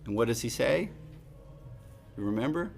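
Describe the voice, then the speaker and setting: A middle-aged man preaching a sermon in a conversational way, repeating key lines for emphasis and dropping to quiet asides. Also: mid-range voice, expressive, normal speed, creaky, slight background noise. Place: church hall.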